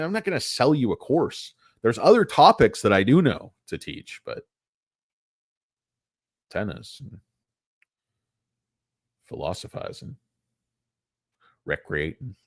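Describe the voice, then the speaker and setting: A man's voice: on the low side, darkish tone, no room sound, studio quality. A man hosting a casual livestream show about stocks, rambling, joking and poking fun at himself. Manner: joking, rambling, self-mocking.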